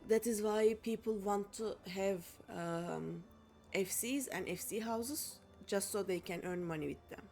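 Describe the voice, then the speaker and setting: A woman's voice: mid-range voice, a little slow, a little mellow, soft background music. A young woman streaming a game, chatting casually to her viewers in a rambling way with many fillers and restarts. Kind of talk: casual chat while playing a game.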